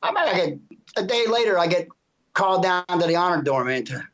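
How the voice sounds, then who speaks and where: A middle-aged man, appearing as a guest in a casual interview, shares an earnest and emotional personal story. His voice sits high and sounds fairly bright, and he speaks in an animated, rather quick way, frequently restarting and asking "you know what I mean". The recording has a dull, lo-fi quality.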